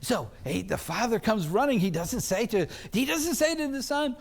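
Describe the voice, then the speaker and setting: A man's voice: sits high, animated, gravelly. A male pastor preaching a chapel sermon, telling the story dramatically and drawing it out. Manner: dramatic, drawn-out storytelling with acted-out voices.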